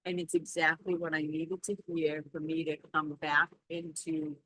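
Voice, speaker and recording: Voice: medium pitch, flat delivery, moderate pace, sharp tone, dry recording, rough recording. A Reiki practitioner talking casually in a spiritual vlog, rambling and reflective as they reassure themselves aloud.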